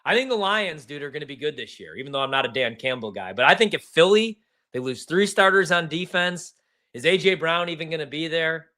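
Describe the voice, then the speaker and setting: A man's voice: a little high, lively intonation, fairly quick, sharp tone. A man co-hosting a casual sports podcast, joking and swearing freely. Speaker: podcast co-host.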